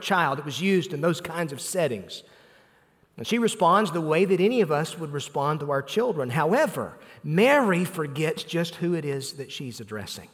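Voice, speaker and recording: A man delivers a sermon in a fairly high voice, earnest and emphatic, stacking repeated phrases and pausing on "uh". His words ring out with the long reverb of a large church hall. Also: fairly bright tone. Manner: earnest preaching with emphatic repetition and frequent "uh" fillers. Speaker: pastor.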